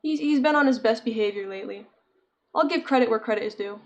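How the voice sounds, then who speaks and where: A woman's voice: fairly high pitch, fast, muffled recording. A young woman chatting casually with her viewers while she crochets, giggling often and answering chat. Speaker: streamer.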